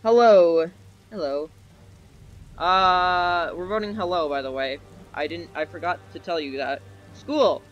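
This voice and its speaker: A man giving excitable live commentary while playing an online game, with a desk microphone. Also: fairly high pitch, muffled recording. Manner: excitable, quick reactions and exclamations. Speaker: gamer. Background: faint game music.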